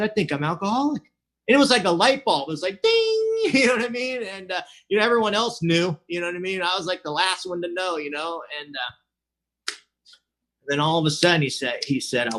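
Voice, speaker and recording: A man's voice: high-pitched, a bit bright. A man from California telling his own recovery story at an online meeting, chatty and casual, acting out what people said and adding "you know" often. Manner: chatty, acts out quoted dialogue, says "you know" a lot. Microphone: computer mic on a video call.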